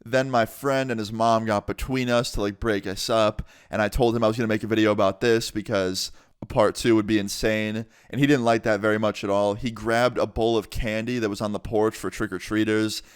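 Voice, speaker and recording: Young man telling a casual story, low voice. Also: steady tone, smooth, no echo, studio quality. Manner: casual, cursing, fast retelling. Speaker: YouTuber. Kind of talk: storytime vlog.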